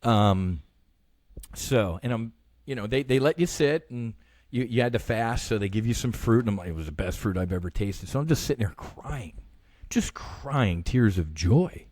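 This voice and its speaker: A man in his fifties, a podcast guest telling a personal story in an earnest, halting way, often restarting his sentences. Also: fairly low pitch, animated, a little mellow, no room sound, clean studio sound. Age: 50s.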